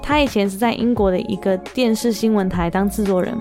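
A woman podcast host narrating a voice-over in a steady, explanatory way. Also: medium pitch, fairly quick. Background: faint music.

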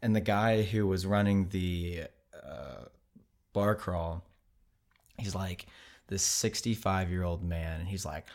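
A man's voice: low-pitched, slow pace, darkish tone. An American man hosting a podcast, telling a travel story in a casual, rambling way with many fillers and restarts. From United States. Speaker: podcast host.

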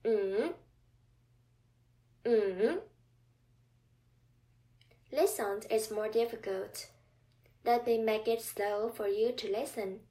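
Slow, patient Mandarin tutor woman. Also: on the high side, steady tone, dark tone. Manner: repeats drill sounds, prompts listener to repeat. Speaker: Mandarin tone teacher. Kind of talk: slow, patient language lesson.

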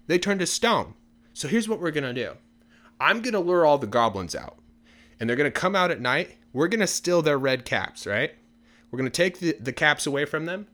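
A man's voice: a little high, a bit bright, pitched above the performer's own voice. A man voicing a confident young village woman laying out a plan in a storybook tale. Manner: confident, scheming.

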